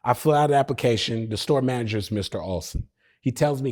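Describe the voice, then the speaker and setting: A man's voice: mid-range voice, fast. A man telling a personal story as a podcast guest, acting out the dialogue and talking directly to the host. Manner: lively, acts out dialogue, talks directly to the host.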